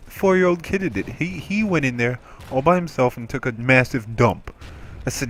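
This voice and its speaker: A man telling a rambling story in casual gameplay commentary, animated and full of restarts. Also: medium pitch, moderate pace.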